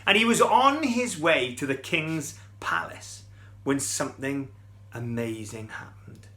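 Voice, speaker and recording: A man's voice: mid-range voice, lively intonation, unhurried, sharp tone. A middle-aged man, telling a Bible story to children in a chatty, playful way and asking them questions.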